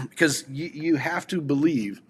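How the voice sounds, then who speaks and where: A man's voice: a little high, slightly rough. A man giving sales advice in a casual podcast chat, rambling, restarting sentences and firing questions at his listeners.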